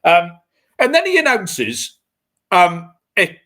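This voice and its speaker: A man's voice: a little high, lively intonation, normal speed, sharp tone. A man co-hosting a podcast, ranting bluntly and swearing freely in casual chat. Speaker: podcast co-host.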